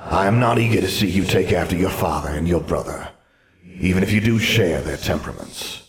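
A man's voice: deep voice, lively intonation, a little fast. A man voicing a stern old male ghost who speaks in a formal, old-fashioned, reproving way. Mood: grave.

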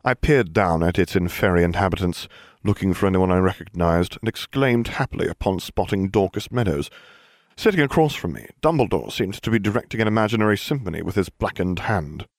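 A man narrating a story in the first person as a smug, scheming teenage wizard, with a wry, deadpan delivery. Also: low voice, brisk, no room sound, clean studio sound. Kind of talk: fan fiction audiobook reading.

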